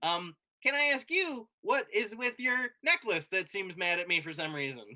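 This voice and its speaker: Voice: medium pitch, lively intonation, moderate pace, bright, forceful tone. A player in a tabletop game who speaks in an upbeat, playful way. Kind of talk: casual tabletop game play.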